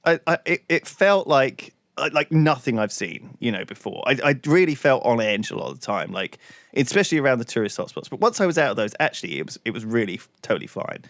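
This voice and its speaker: A man's voice: medium pitch, very animated, fast, fairly bright tone, dry recording. A young man, a podcast co-host, telling a story in a rambling way full of "like" and restarts. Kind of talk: casual podcast chat.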